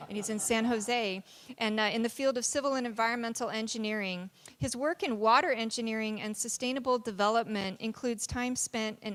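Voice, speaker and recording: Woman, college dean, formal introduction, chatty with fillers, fairly high voice, lecture hall microphone. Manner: warm, chatty, with light laughs and fillers. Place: university lecture hall, large audience. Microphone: amplified microphone.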